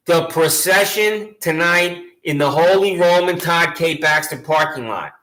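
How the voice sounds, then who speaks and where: A man with a high voice rants straight at a local official, sarcastic and combative as he reads out his own letters. His tone is bright and sharp. The sound bounces around a roomy, echoey space. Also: a little slow. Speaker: citizen reading his complaints to a sheriff. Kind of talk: angry direct-address monologue.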